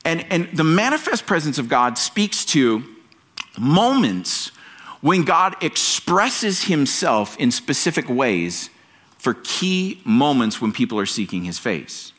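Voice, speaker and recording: A man's voice: on the high side, very animated, slow pace, fairly bright tone. A man preaching a sermon as pastor at a church service, earnest and emphatic, repeating his key phrases.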